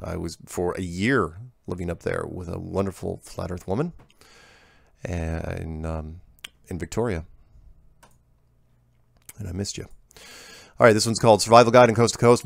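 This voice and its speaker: A man's voice: deep voice, moderate pace, creaky, long pauses, dry recording, studio quality. A man hosting a casual email Q&A show, reading viewer letters aloud with offhand, stumbling restarts and wry asides.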